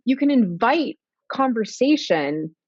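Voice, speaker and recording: A woman in her forties, a therapist, explaining in a thoughtful, animated conversational way with small laughs. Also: on the high side, takes it slowly, dry recording. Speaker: therapist guest. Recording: slightly dull lo-fi audio.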